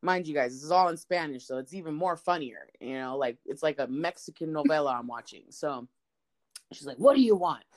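A woman telling family stories in a casual podcast chat, animated and swearing, acting out the people she quotes. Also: low voice, fairly quick, hardly any pauses. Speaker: podcast co-host.

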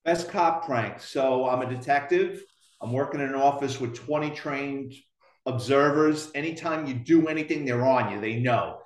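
A middle-aged man with a Bronx New York accent, a retired police detective telling blunt, profane stories with dark humor in a casual interview. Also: medium pitch, moderate pace. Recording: roomy echo.

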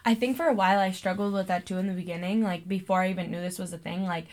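A woman's voice: lowish voice, steady tone, rapid-fire. A young woman in casual conversation about faith, who often says "right" and uses many fillers. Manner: agreeable listener, frequent "right", filler-heavy.

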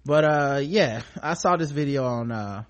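A man's voice: medium pitch, lively intonation, measured pace. A male podcast host talking casually about news, sarcastic and profane.

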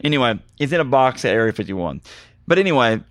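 A man hosting a casual movie podcast, talking in an animated, rambling way and getting excited as he goes. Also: mid-range voice, fast, dry recording. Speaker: podcast host. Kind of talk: casual movie review chat.

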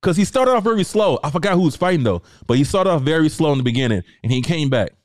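A young man co-hosting a casual MMA podcast, excitable and slangy, often talking over his partner. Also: on the high side, quick pace, no echo, clean studio sound. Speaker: podcast co-host.

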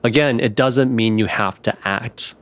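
A man hosting a podcast in casual chat, animated, laughing often and swearing freely. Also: mid-range voice, measured pace, no room sound.

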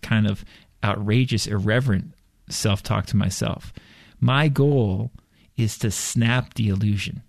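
A man's voice: fairly low pitch, gravelly, dry recording, clean studio sound. A man giving a motivational self-help monologue, speaking in a blunt, profane, irreverent and emphatic way.

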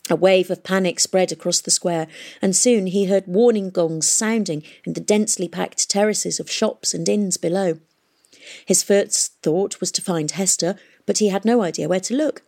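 A woman narrating a novel in a steady, expressive reading voice. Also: fairly low pitch, normal speed. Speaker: audiobook narrator. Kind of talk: storybook narration.

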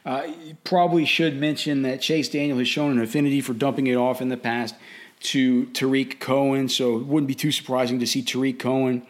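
A man's voice: mid-range voice, level tone, fairly quick. A man giving casual fantasy football and betting commentary in a blunt, opinionated way, often restarting and repeating words.

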